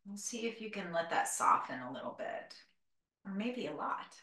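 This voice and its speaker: A woman teaching a live group yoga class, giving calm, gentle cues and a little out of breath. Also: mid-range voice, moderate pace, in a whisper. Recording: roomy, from a distance.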